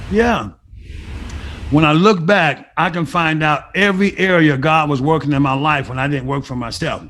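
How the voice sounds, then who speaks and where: A man's voice: high-pitched, a bit bright, slight background noise. A middle-aged man giving a personal testimony as an interview guest, telling his story with emphasis and acting out remembered conversations. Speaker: guest sharing a recovery story.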